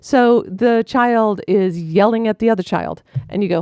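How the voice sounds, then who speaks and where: A woman's voice: medium pitch, measured pace, hardly any pauses, darkish tone, no echo. A woman family life coach talking through parenting advice in a casual podcast chat, often laughing.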